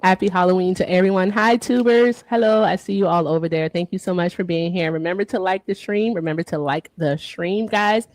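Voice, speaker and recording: A woman's voice: on the low side, steady tone, a little fast, hardly any pauses, darkish tone, no room sound. A woman hosting a casual livestream, chatty and upbeat, who keeps repeating stock phrases and laughs often. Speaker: livestream host.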